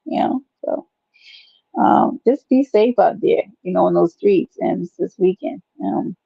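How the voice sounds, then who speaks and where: A woman's voice: lowish voice, unhurried, vocal fry, husky, dry recording, dull audio. A woman hosting a live stream, rambling and teasing her viewers in a playful, chatty way. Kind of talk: casual live stream chat.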